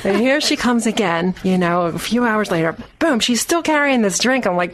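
A woman's voice: medium pitch, moderate pace, hardly any pauses, slight background noise. A woman, an author being interviewed, telling stories with energy and acting out the people she quotes. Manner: lively, acts out quoted people with a raised voice. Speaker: author guest. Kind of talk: animated storytelling in an interview.

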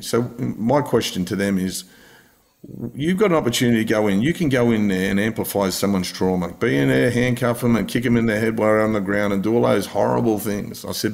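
A man's voice: lowish voice, fairly quick, vocal fry. An Australian man, a podcast guest, telling blunt stories, swearing freely and laughing along. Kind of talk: casual storytelling interview.

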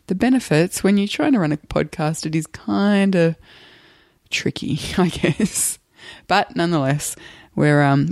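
Hoarse, croaky woman podcast host. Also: on the low side, a little mellow, no room sound, clean studio sound. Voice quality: hoarse, gravelly. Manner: laughs often, chatty with fillers. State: croaky voice from flu. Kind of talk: casual podcast chat.

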